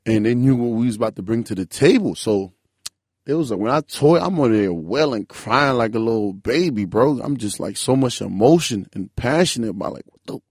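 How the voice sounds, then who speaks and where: A man in his twenties telling a story in loose casual chat, animated and full of "bro" and "like". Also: medium pitch, fairly quick, slightly rough, no room sound, studio quality. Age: 20s. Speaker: podcast guest.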